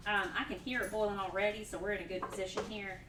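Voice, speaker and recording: A woman streams herself cooking in her home kitchen and chats with viewers in a medium-pitched, level, bright voice that's fast and forceful. A little hiss or hum is present, along with clattering pots, pans and dishes.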